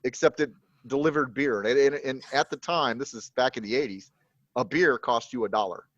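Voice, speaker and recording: A man's voice: mid-range voice, normal speed, fairly bright tone, dry recording. Man telling dry-humored anecdotes, muffled. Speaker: guest. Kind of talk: casual group chat on a video call. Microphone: video call.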